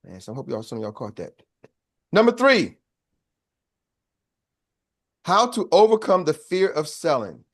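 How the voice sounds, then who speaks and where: A sales coach leads a motivational sales training, preaching like a minister, tossing questions to the room and waiting for replies, and slipping into brief acted voices to make points. His voice is on the high side with big pitch swings, unhurried and full of long pauses.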